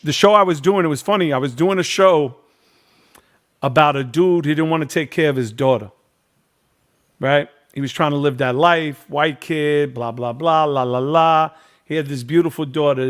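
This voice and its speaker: Animated middle-aged man telling stories. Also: on the high side. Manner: animated storyteller, acts out quotes, repeats phrases. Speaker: podcast host. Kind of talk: casual storytelling chat.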